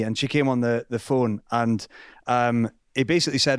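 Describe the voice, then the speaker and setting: A man guest telling an anecdote on a live show, halting and amused. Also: mid-range voice, steady tone, smooth, no echo, clean studio sound. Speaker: guest storyteller.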